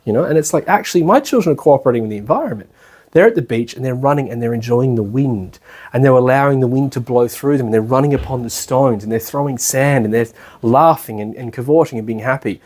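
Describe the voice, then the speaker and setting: A man's voice: mid-range voice, fast talker, darkish tone. An Australian man giving a casual spoken lecture at a retreat, chatty and colloquial, often checking in with his listeners and acting out the people he describes. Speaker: spiritual lecturer. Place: lecture room at a retreat centre.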